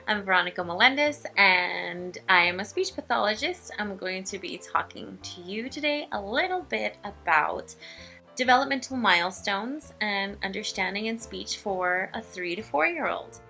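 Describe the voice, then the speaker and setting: A woman speech pathologist telling a story from her work in a casual, animated way. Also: medium pitch, normal speed, vocal fry, faint music behind.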